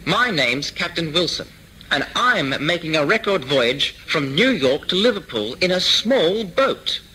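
A man voicing an indignant, proud sailor in a slow lesson reading. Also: fairly high pitch, sing-song, bright, forceful tone, slight background noise, voice pushed up, full character voice, rough recording.

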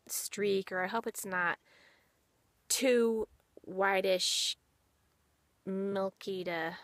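A woman vlogging casually at home, chatty and quick to giggle. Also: medium pitch, a bit bright, dry recording. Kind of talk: casual home vlog chat.

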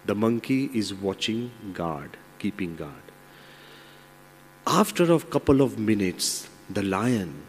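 A man's voice: on the low side, animated, slow pace, slight background noise. A man, a monk and motivational speaker, telling a fable with moralizing asides. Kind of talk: motivational talk with a told fable. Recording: long hall reverb.

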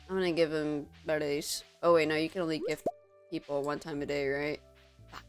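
A woman streamer in a casual gaming stream, groggy and out of it, sarcastically cursing at game characters. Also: fairly low pitch.

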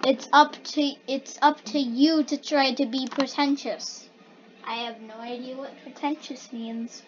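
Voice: high-pitched, fairly even intonation, measured pace. A young kid casually reading odd quotes aloud and then puzzling over them, sounding bemused and giggly. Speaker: video maker reacting to generated quotes. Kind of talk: casual reaction commentary. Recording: dull lo-fi home recording with faint hiss.

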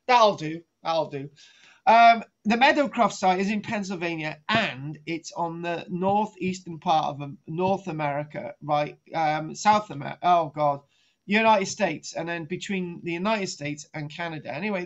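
A man's voice: fairly high pitch, normal speed. A middle-aged man giving a rambling, jokey archaeology lesson on a live stream, teasing his co-host and restarting his sentences. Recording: dull lo-fi home stream audio.

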